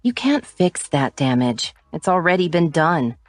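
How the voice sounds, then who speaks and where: Woman doing a sharp-tongued young woman, exasperated, for an audiobook. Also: low voice, very animated, unhurried, no echo, soft background music.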